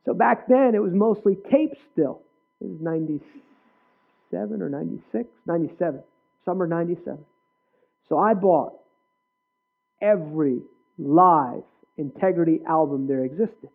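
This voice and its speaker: A male preacher giving an earnest personal testimony in a sermon, with sudden loud bursts. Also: on the high side, moderate pace, gravelly, breathy edge. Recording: tinny phone-like sound.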